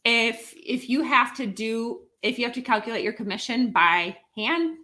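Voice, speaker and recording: Woman w a bright kinda sharp voice explaining office stuff on a casual stream. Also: fairly high pitch, normal speed. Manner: explanatory, talks with her own examples. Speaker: co-host handling office and numbers. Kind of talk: casual live stream chat.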